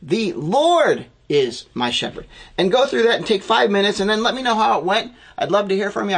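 A man preaching a sermon as pastor, talking in a slow, reflective way with occasional fillers. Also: a little high.

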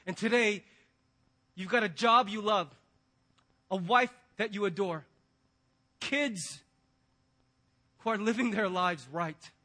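A middle-aged man, a pastor, preaching a sermon and telling stories with animated quoted voices. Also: high-pitched.

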